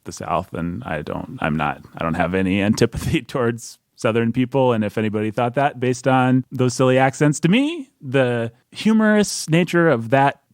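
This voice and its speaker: A man's voice: mid-range voice, lively intonation, moderate pace, hardly any pauses, dry recording, studio quality. A man hosting a casual book-review podcast, jokey and teasing, from the United States. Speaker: podcast host.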